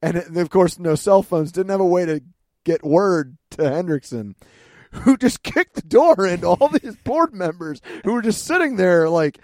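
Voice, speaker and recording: A man's voice: high-pitched, animated, moderate pace, darkish tone, dry recording, clean studio sound. A man chatting casually as a podcast co-host, telling stories with frequent laughs, fillers and restarts. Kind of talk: casual chat.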